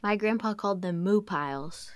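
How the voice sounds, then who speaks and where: A woman's voice: mid-range voice, moderate pace, dry recording. A woman chatting on a podcast in a coy, giggly way. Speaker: podcast guest. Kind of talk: casual podcast chat.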